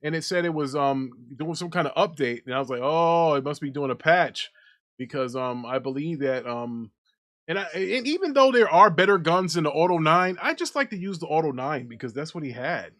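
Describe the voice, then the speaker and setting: A young man hosting a casual live-stream chat show, ranting in a profane, animated way. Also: a little high, a little fast. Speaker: podcast host.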